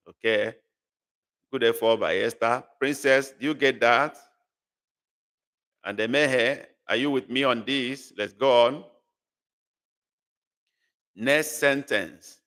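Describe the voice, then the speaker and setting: A man's voice: mid-range voice, fairly even intonation, slow, long pauses, a bit bright. A man teaching a live online language class, patiently repeating phrases and coaxing learners to guess. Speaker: language tutor. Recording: long reverb.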